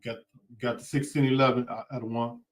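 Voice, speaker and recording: A man's voice: medium pitch, little pitch movement, fairly quick. A man in an online scripture class over a video call, who chimes in with repeated affirmations and talks loosely, with lots of fillers. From United States.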